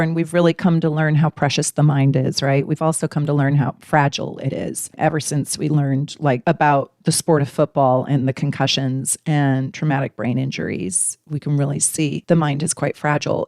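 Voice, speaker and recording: Low-voiced woman, emphatic and frank. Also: darkish tone, dry recording. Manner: emphatic, piles up lists of words, frank with mild swearing. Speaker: astrologer. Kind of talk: casual astrology teaching to camera.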